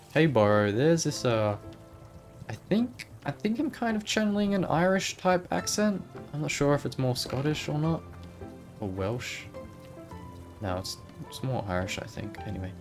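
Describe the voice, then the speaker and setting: A woman's voice: extremely low pitch, a little mellow. A woman playing a video game and giving casual, playful commentary with murmured asides. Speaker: let's play gamer.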